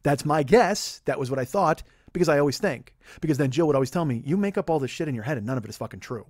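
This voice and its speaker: A man's voice: on the high side, lively intonation, fast, a little mellow, dry recording, studio quality. A man in his forties, a podcast host, telling a rambling, profane, self-deprecating comedic story. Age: 40s.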